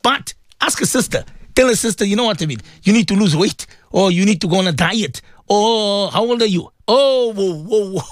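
A middle-aged man from South Africa presenting a radio show, chatting warmly with listeners and reading out their messages with frequent laughs. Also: high-pitched, animated, brisk, no echo, clean studio sound. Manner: chatty, affectionate, laughs often.

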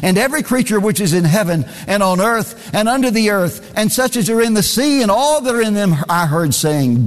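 Man, preacher, emphatic sermon, slightly high voice, long hall reverb. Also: animated, a little fast, few pauses. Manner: emphatic, repeats key phrases.

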